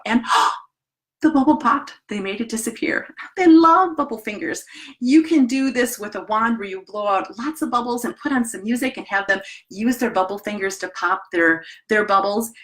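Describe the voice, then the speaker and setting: Middle-aged Wisconsin woman, lively piano teacher trainer, chatty and hands-on. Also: mid-range voice. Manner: chatty, animated, demonstrates as she talks. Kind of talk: live-streamed teaching talk. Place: home studio with piano and desk.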